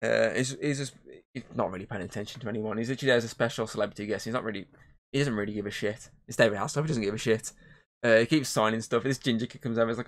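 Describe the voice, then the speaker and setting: A man's voice: medium pitch, very fast. A man hosting a podcast, chatting casually about movies in a rambling way, swearing often. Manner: rambling, swears a lot, animated retelling. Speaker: podcast host. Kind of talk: casual movie review chat.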